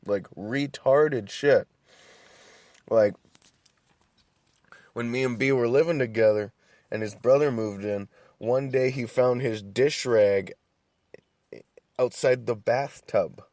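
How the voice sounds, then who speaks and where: A young man telling stories in a calm, laid-back way, full of swearing and restarts. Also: mid-range voice, takes it slowly, long pauses, dry recording. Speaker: podcast host. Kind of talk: casual monologue.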